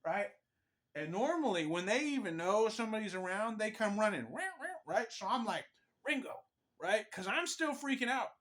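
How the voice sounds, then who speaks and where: Animated rambling man telling a story. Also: high voice, moderate pace. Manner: rambling, animated, keeps asking "right?". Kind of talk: casual personal storytelling.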